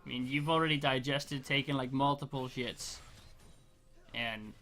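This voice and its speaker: A man casting an esports match in a casual, excitable way, often laughing and swearing. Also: medium pitch, a little slow, faint music behind. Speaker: esports caster.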